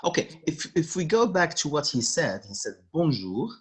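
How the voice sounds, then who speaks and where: A man's voice: on the high side, sing-song, moderate pace, slightly rough. A male French teacher giving an online language lesson over a video call, patiently repeating phrases.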